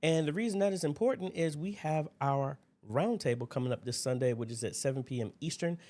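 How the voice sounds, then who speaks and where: A man's voice: on the high side, fairly quick, a little mellow. A man hosting a casual livestream Q&A from his desk, rambling and chatty as he greets viewers by name. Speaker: livestream host. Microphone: desk mic at a computer.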